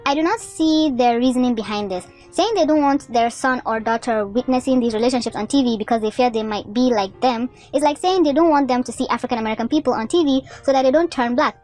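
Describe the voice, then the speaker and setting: A woman voicing an earnest woman reading petitions and reviews aloud, in a brisk read-aloud delivery. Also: fairly high pitch, darkish tone, soft background music, natural voice.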